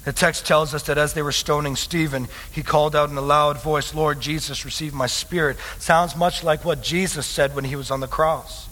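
Forceful preacher in a reverberant hall. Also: male voice, a little high, steady tone, normal speed, few pauses. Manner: swings from hushed to loud emphatic preaching; addresses listeners as loved ones. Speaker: pastor. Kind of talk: sermon. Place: church hall with a congregation.

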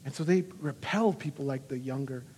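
A man in his thirties preaching a sermon as a pastor, earnest and animated, acting out quoted lines with feeling. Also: medium pitch, brisk, big-room sound, a little hiss or hum.

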